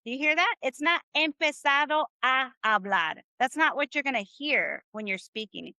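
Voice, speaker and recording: High and bright yet a bit gravelly, her sing-song voice moves a little fast as she teaches a live online Spanish class, cheerfully encouraging the group through phrase drills. The recording is close and dry with no room echo.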